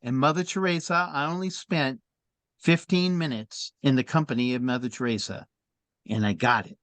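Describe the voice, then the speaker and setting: A middle-aged man telling stories in a conversational talk, animated and laughing often as he speaks. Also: mid-range voice, moderate pace, dry recording. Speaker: speaker in a faith discussion.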